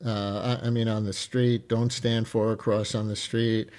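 A man hosting a call-in radio show, repeating the phone number slowly and emphatically. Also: on the low side, level tone, a little mellow. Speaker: radio host. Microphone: studio microphone.

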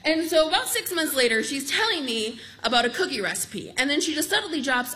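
A woman telling a true story on stage in a lively, amused, conversational way. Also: high voice, fast, few pauses, a crowd in the background.

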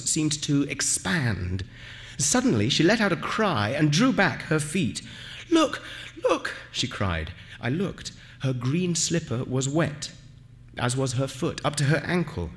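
A man reading a literary story aloud in a slow, lyrical, tender way. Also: medium pitch. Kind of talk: scripted literary narration.

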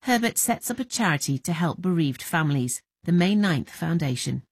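A woman narrates a documentary in a measured, even scripted delivery. Her voice is low and slightly breathy, and the sound is close and dry. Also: dry recording.

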